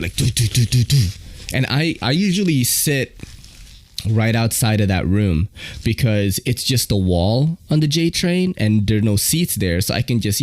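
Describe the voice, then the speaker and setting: A man's voice: medium pitch, dry recording. Slangy New guy telling stories. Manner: animated, slangy, profane storyteller. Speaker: podcast host. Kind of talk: casual storytelling.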